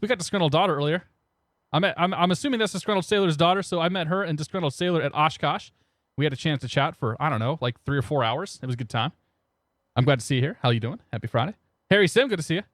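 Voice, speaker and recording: Young guy rambling on stream, quick talker, dry close sound, greeting chat by name. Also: medium pitch, dry recording. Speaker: flight sim streamer. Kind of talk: casual live-stream chat. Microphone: new desk microphone.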